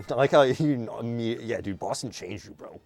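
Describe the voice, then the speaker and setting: A man hosting a live stream, chatting casually and teasing his co-host in an animated, joking way. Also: mid-range voice, normal speed, soft background music.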